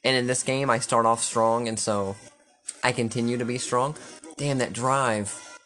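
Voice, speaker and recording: A man commenting casually on his own football video game, thinking aloud, swearing freely and getting excitable on big plays. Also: mid-range voice, a little slow, faint music behind.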